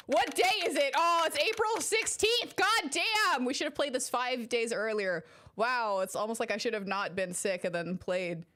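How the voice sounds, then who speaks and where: A young woman streamer commenting on a game in an excitable, loud way. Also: a little high, slight background noise. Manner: excitable, loud, quick to laugh and swear at the screen. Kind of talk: let's play commentary. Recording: game music under voice. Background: game music.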